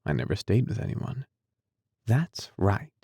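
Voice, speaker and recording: A man reading an audiobook aloud in a measured, quiet, understated way. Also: fairly low pitch, big pitch swings, gravelly, breathy edge, dry recording. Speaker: audiobook narrator.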